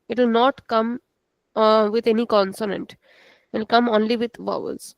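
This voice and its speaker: A woman's voice: fairly high pitch, a little mellow, dry recording, poor audio. Patient woman teaching an online class. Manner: slow, patient, repeats words for students. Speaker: Portuguese language teacher. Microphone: video call.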